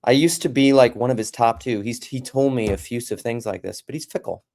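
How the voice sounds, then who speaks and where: A man's voice: mid-range voice, a little fast, darkish tone. A man talking casually from home on a live stream, rambling and joking between serious points. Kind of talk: casual livestream monologue.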